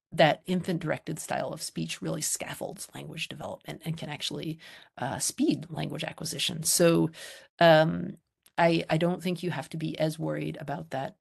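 A researcher gives an informal public lecture about how children learn language, speaking into a computer microphone on a video call. The voice is strongly gravelly, full of vocal fry, and noticeably husky. The delivery is conversational and reassuring. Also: medium pitch.

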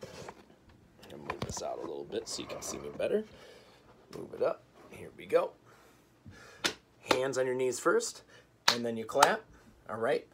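A man teaching an online music lesson for children, patient and clear, leading rhythm chants and songs. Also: mid-range voice, big pitch swings, very noisy. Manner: slow, patient, sings and chants rhythm games.

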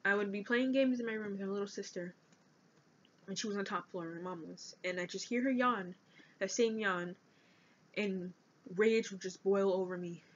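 A young woman of eighteen speaks in a personal confessional vlog, earnest and halting as she works through her notes. Her voice sits at a middle pitch for a woman. The recording is dull and lo-fi. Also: a little hiss or hum. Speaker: vlogger.

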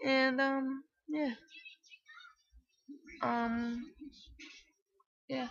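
A young woman rambles sleepily into her camera from her bedroom, full of ums and likes. Her voice sits a bit high. The sound is dull and lo-fi, like a built-in webcam mic. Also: steady tone, extremely slow, long pauses, a bit bright, dry recording. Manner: sleepy, rambling, many fillers. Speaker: vlogger. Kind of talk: casual vlog chat. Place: bedroom at home.

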